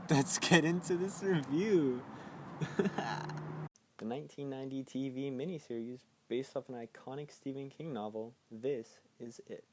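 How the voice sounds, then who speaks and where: A man's voice: mid-range voice, measured pace, noisy background. A man hosting a casual podcast, recapping a film in a rambling way, laughing often and briefly acting out scenes in silly voices. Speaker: podcast host reviewing a film.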